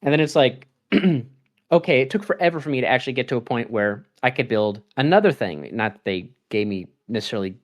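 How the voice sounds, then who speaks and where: A man's voice: medium pitch, lively intonation, a little fast. A young man co-hosting a gaming podcast, chatting casually in a rambling way, laughing often and acting out his own reactions. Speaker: podcast co-host.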